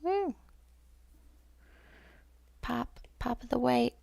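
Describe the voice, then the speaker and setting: Casual gravelly-voiced woman streamer. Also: fairly high pitch, expressive, extremely slow, a little mellow, no echo. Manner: rambling, self-talk, swears, drops to whispers. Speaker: streamer painting live. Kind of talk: casual livestream chatter while painting.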